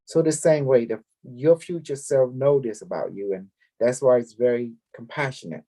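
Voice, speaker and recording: Here a group leader talks casually and at length on spiritual topics to his followers. His medium-pitched, dark-toned voice moves at a normal speed as he rambles, repeats words and mixes languages.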